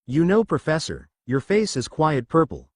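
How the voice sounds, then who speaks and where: A man's voice: on the high side, wildly swooping pitch, moderate pace, no echo. Sarcastic teen witch girl, dry and mocking, in a storybook, as a male reader voices her. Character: sarcastic teenage girl witch, daughter of a sea god.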